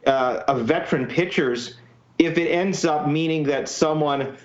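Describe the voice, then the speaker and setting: A man's voice: fairly high pitch, a little slow. Opinionated Canadian man, muffled line. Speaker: podcast guest. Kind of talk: casual sports podcast chat.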